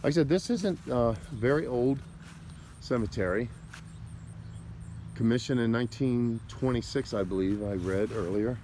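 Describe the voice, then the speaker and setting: A man's voice: mid-range voice, moderate pace, pauses often, dark tone, slight background noise. A man casually narrating a walk through a cemetery, rambling and stumbling over names as he reads gravestones. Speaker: cemetery tour vlogger. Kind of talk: casual walking commentary. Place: outdoor cemetery.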